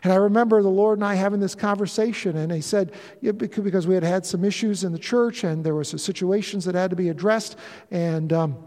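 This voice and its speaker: This fifties-aged pastor preaches quickly and with a dark tone, his voice notably high for a man. Earnest and confessional, he pushes into emphatic, rising declarations. The big church sanctuary lends his words a long, ringing reverb.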